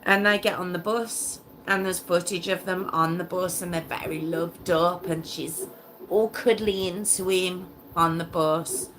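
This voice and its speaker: A woman's voice: on the low side, fairly even intonation, unhurried, fairly bright tone, slight background noise, rough recording. A woman hosting a true crime story in a casual, emotional and indignant way, repeating phrases as she goes.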